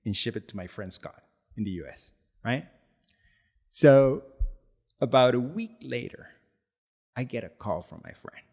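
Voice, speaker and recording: An animated man spins a casual podcast story, his pitch swinging widely as he laughs and acts out what others said. His voice has a noticeable gravelly fry, and he sounds relaxed and conversational. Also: unhurried, long pauses. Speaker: podcast co-host and product founder.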